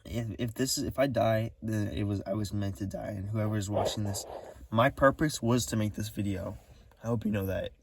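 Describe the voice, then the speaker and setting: Male vlogger, weary and short of breath, low and gravelly, halting speech with many restarts. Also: far from the mic, slight background noise. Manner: halting, full of restarts and repeats. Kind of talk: rambling recorded monologue.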